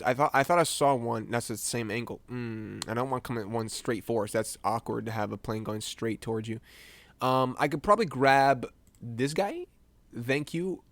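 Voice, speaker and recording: A man's voice: mid-range voice, no room sound. A young American man chatting casually while he edits images live for a stream, rambling, joking at himself and laughing often. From United States.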